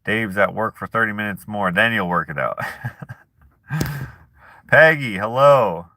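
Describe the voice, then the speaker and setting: A man's voice: fairly low pitch, animated, slow, sharp tone. A man hosting a casual live chat who reads viewer comments aloud and jokes and laughs at himself in a laid-back way. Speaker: streamer host.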